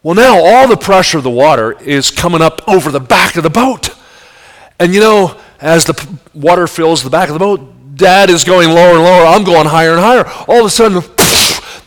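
A man preaching a sermon, telling a story vividly, acting out the voices in it and asking his listeners questions. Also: on the high side. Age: adult. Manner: vivid storyteller who acts out quoted voices; talks straight to the audience with questions.

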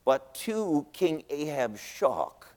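A man preaching a sermon, telling a story in a folksy, animated way and acting out the scenes. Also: a little high, drawn-out words. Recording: long reverb in a big hall.

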